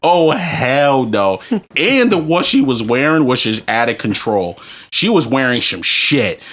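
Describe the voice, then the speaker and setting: Drunk dude w aave ranting on a podcast, swearing nonstop, voice jumping all over, bright edgy tone. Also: male voice, mid-range voice, big pitch swings, a little slow. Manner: loud profane ranting with bursts of laughter. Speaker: podcast co-host. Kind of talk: crude storytelling banter.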